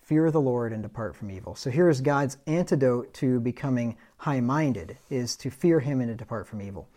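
A man's voice: medium pitch, normal speed, mellow. Middle-aged male preacher, casual Bible study, reads verses aloud, self-deprecating chuckles. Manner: conversational, reads scripture aloud, chuckles at himself.

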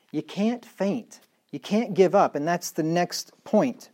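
A middle-aged male pastor preaching a sermon emphatically, reading scripture slowly and dropping into quiet asides. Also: high-pitched. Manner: emphatic preaching, reads scripture in slow measured tones, drops to quiet asides.

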